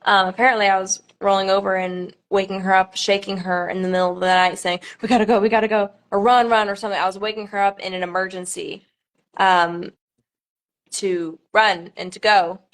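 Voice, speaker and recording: A woman in her twenties talks casually to viewers on a livestream. She speaks in a halting way, full of ums and small nervous laughs. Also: medium pitch, level tone, a bit bright. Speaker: pageant contestant.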